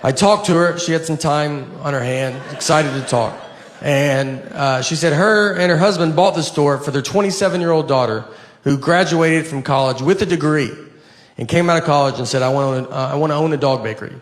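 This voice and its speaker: Deadpan comedian man in a hall. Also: a little high, moderate pace. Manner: dry, meandering storytelling. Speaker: stand-up comedian. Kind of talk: stand-up comedy routine. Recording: reverberant hall, faint noise.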